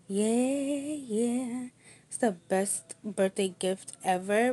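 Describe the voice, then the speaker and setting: A young woman vlogger talking casually to camera, soft and rambling with many fillers and restarts, saying y'all a lot. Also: fairly high pitch, very slow.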